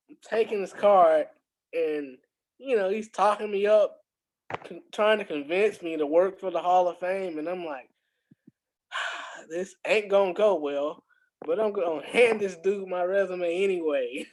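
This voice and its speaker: A man's voice: sits high, rough recording. A young adult man, a podcast guest, telling a story in casual talk, laughing often and acting out the dialogue. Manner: animated, laughs often, acts out quoted dialogue.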